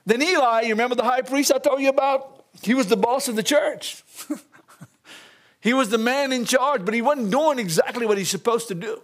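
A man's voice: extremely high pitch, normal speed. An older man preaching a folksy sermon, chuckling often and calling out to the congregation.

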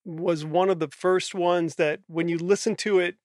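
Higher-voiced man musing about music. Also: fairly even intonation, moderate pace, dry recording, clean studio sound. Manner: reflective, loose with fillers. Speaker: podcast guest, musician. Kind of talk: casual interview answers.

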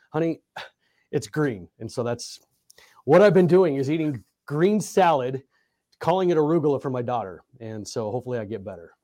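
A man's voice: mid-range voice, warm tone, no echo, studio quality. A middle-aged man, a basketball coach, co-hosting a casual sports podcast with a laid-back, laughing manner.

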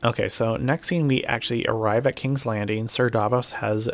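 Guy with a gravelly voice recapping a show, cussing a lot, dry close mic. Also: medium pitch, normal speed, no room sound. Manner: profane, animated, slips into mocking voices. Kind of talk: casual TV episode recap.

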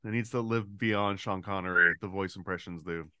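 Man, smooth voice, lowish pitch, casual podcast guest, explanatory. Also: fairly even intonation, normal speed, bright, forceful tone, no room sound, clean studio sound. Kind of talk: casual chat.

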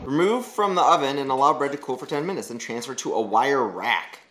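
Man, home-kitchen baking host, reads the recipe aloud with a hesitant joking lilt, lively pitch. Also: fairly quick, crowd noise. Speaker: host baking with his child. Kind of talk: casual home cooking chat.

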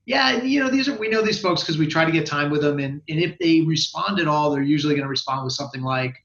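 A man with a fairly high voice explains sales research in lively, quick bursts, often restarting his sentences. His voice comes through a roomy space, and the sound is a bit dull and lo-fi. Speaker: guest expert on sales research. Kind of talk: casual podcast conversation.

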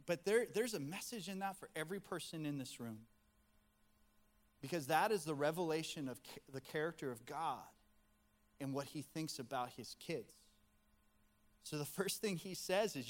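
A male pastor preaching a sermon to a congregation in an animated, conversational way. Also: a little high, moderate pace, pauses often. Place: room with a congregation.

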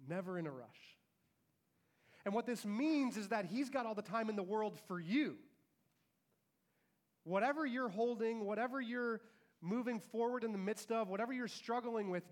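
A pastor preaching to his congregation in a fairly high, light voice. He tells the story with animation and slips into the lines of its characters as he goes. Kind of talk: sermon.

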